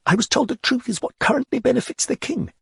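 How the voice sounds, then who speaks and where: A man's voice: very high-pitched, quick pace, vocal fry, a bit bright, breathy edge, dry recording, clean studio sound, voice pushed up, full character voice. A man voicing a frightened, embittered court poet who speaks in an anxious, quavering way. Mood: fervent whisper.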